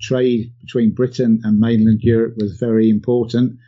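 A man co-hosting a history discussion, speaking in a measured way with many ums and uhs. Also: medium pitch, level tone, muffled recording. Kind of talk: casual discussion.

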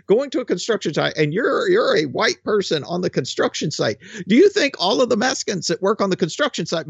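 A man's voice: sits high, gravelly, husky, dry recording, dull audio. An older man, the co-host, giving blunt, scornful opinionated commentary.

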